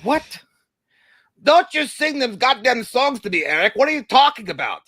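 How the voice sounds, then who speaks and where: A man voicing a furious old horror-film doctor who yells insults. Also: a little high, very animated, normal speed, slightly rough, no room sound, full character voice. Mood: outraged. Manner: yelling insults at a chatter.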